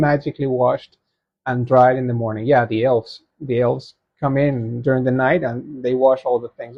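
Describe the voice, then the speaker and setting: A man's voice: a little high, mellow, slightly rough. A man in his thirties reading submitted stories aloud and reacting with laughing asides. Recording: dull lo-fi sound.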